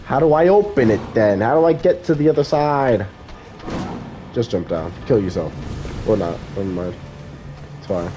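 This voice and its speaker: A man playing a video game and commenting live, swearing loudly at enemies and muttering to himself between fights, with game music behind him. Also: on the low side, expressive, normal speed, long pauses. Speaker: gaming streamer.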